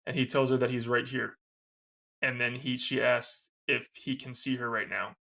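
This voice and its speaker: Bright-voiced chatty male podcast host. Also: medium pitch, little pitch movement, moderate pace, gravelly. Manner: chatty retelling, quoting lines, laughing often. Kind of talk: casual movie recap.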